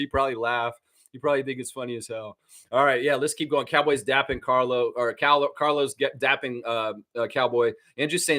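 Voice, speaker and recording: Man, from Canada, live-stream sports host, excitable, laughs a lot, bright voice, very animated pitch. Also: brisk. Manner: excitable, laughs often, riffs and jokes. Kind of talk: casual live-stream chat reading viewer comments.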